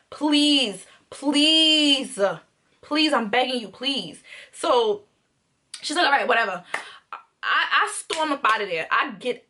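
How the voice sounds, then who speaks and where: Young woman vlogger with a high, sharp voice, dramatically re-enacting a story with blunt slang. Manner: dramatic and emphatic, re-enacting scenes; swears freely in slangy talk. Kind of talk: casual storytime vlog.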